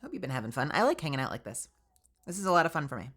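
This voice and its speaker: A young VTuber with a deep, husky voice talks very fast during a casual stream, her nose stuffy. She's animated and chatty, drifting between topics with frequent "like" fillers.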